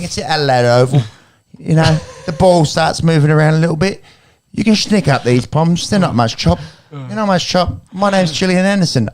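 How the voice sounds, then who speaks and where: A man's voice: a little high, close to an everyday voice. A man doing a hammy mock actress impression. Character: playful mock actress, woman, soothing.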